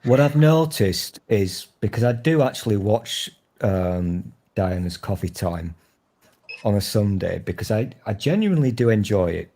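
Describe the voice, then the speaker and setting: Sweary Northern English guy, husky. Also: lowish voice, animated, a little slow, mellow. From Northern England. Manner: swears freely, teasing and self-mocking. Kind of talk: casual chat.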